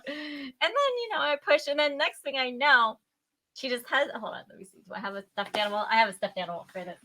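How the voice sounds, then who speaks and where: High, bubbly, animated young woman. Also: a little fast. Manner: lively, laughs often, acts out her own past reactions with loud squeals. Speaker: podcast guest. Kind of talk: animated casual storytelling.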